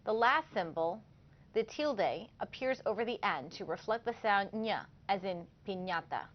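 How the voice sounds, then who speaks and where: A woman teaches a scripted language lesson in a clear, careful voice. Her pitch sits mid-range for a woman. The audio is a little dull and lo-fi. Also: expressive, normal speed.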